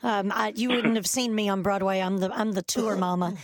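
A woman's voice: medium pitch, fairly even intonation, fairly quick. A woman from Texas with a Southern accent, a touring musical actress speaking enthusiastically in a radio interview.

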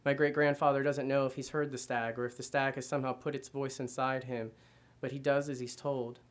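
A man giving a measured first-person reading of literary fiction. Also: medium pitch, little pitch movement. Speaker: reader.

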